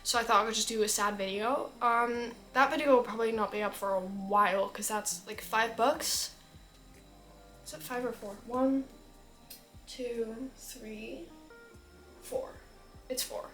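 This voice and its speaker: A woman's voice: fairly high pitch, fairly even intonation, measured pace, long pauses, fairly bright tone, soft background music. A teenage girl chatting casually about books, rambling and full of fillers. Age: teens. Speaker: book vlogger. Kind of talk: casual chat.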